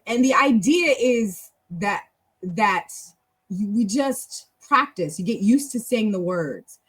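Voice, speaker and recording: A woman's voice: medium pitch, expressive, slow pace, fairly bright tone, breathy edge. A woman hosting a casual practice session, talking in a chatty, encouraging way that rambles with restarts. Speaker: host leading a language practice session. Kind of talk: casual teaching talk.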